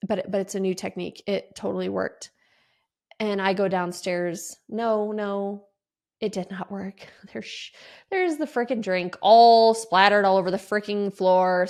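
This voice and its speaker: Woman, forties, podcast host, casual storytelling, exasperated, rambling, swears freely. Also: mid-range voice. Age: 40s.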